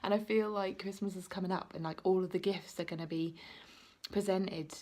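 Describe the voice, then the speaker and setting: A woman's voice: medium pitch, fairly even intonation, brisk, darkish tone. A woman giving an intuitive card reading to her viewers. She talks in a chatty, rambling way, full of "like" and "you know", and she encourages the viewer directly. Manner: encouraging, speaking straight to the viewer. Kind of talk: casual card-reading vlog.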